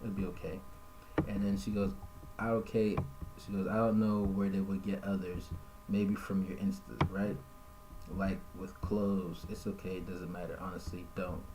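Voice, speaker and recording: A man streaming live commentary in a casual, conversational way, reading messages aloud and pitching his voice up for the quotes. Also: flat delivery, normal speed, background noise.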